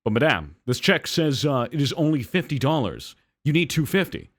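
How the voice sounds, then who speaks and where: A man's voice: a little high, sing-song, normal speed. Give me a courteous hotel manager explaining charges, voiced by a man. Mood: shocked. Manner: polite, formal. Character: patient adult male hotel manager.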